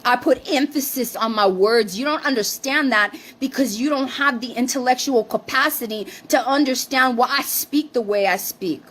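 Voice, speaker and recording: Livestream co-host, woman, high voice, heated profane rant, defensive. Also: normal speed, few pauses, fairly bright tone. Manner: profane, defensive, mixes in Spanish phrases.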